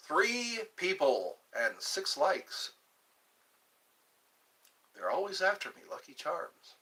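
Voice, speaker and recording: A man's voice: sits high, huge pitch swings, slow, pauses often, pushed and bright, recorded from a distance. A man hosting a casual livestream, rambling and joking as he chats with his viewers. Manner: rambling, jokey, chatting with viewers. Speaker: livestream host.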